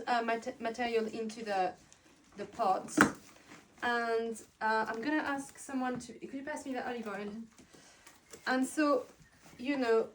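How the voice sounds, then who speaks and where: A woman leads a hands-on workshop, talking a group through each step in a chatty, encouraging way. Her voice sits a little high, and she is heard from some distance in a roomy space with faint background noise. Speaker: herbalism teacher. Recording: roomy sound from a distant mic.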